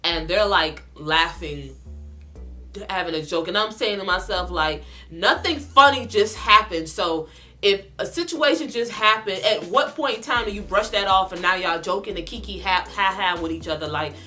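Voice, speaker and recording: A woman vlogger telling an animated, indignant storytime. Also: on the low side, moderate pace, faint music behind. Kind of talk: storytime vlog.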